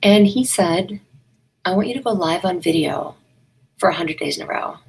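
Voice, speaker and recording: A woman's voice: on the low side, lively intonation, normal speed, gravelly, slight background noise, low-quality recording. Earnest woman coach, repeats phrases. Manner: candid, self-deprecating storyteller. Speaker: business coach, interview guest. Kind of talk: live online interview, motivational coaching talk.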